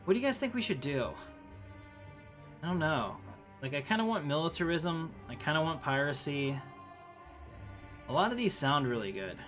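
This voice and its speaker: A man's voice: fairly high pitch, very animated, moderate pace, long pauses, a bit bright, soft background music. Chatty man streaming a strategy game. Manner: chatty, thinks aloud, reads game text, talks to viewers. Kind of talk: casual livestream commentary.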